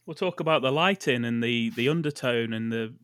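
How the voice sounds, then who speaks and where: A man's voice: mid-range voice, a little fast, fairly bright tone, dry recording, clean studio sound. A man from the UK co-hosting a film podcast, joking and bantering defensively. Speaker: podcast co-host. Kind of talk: casual chat.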